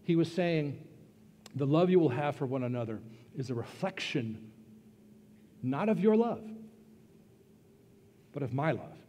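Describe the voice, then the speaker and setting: A man's voice: fairly high pitch, expressive, mellow. Male pastor preaching in a reverberant hall. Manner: earnest preaching with emphatic pauses and rising bursts. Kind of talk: sermon. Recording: long reverb of a church hall.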